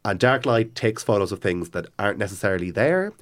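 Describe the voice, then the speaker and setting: A man with a fairly low voice talks through a favourite novel in a relaxed chat. He gets carried away, circling back and restarting his sentences as he goes. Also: brisk. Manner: enthusiastic, rambling retelling with many restarts. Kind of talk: casual chat about books.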